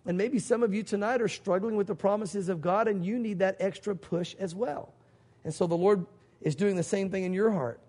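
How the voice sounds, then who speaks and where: Husky-voiced man preaching a sermon. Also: high-pitched, steady tone, moderate pace, darkish tone. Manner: emphatic, acts out God's voice in quotes. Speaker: pastor.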